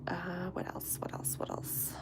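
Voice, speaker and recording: A woman's voice: measured pace, whispered. Bubbly woman chatting on a live stream. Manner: chatty, bubbly, greets viewers by name, drops to soft asides. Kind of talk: casual live-stream chat while sculpting.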